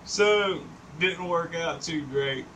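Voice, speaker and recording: A man's voice: on the high side, slow. A man in his fifties telling a long story in casual chat. He rambles, swears freely and laughs often. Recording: distant mic with noticeable background noise.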